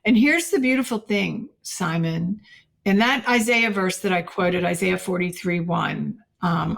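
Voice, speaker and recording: Speaking a little slowly in a low, creaky voice, a middle-aged woman appears as a podcast guest. Her personal faith story comes out earnest and animated, and she performs the quoted lines.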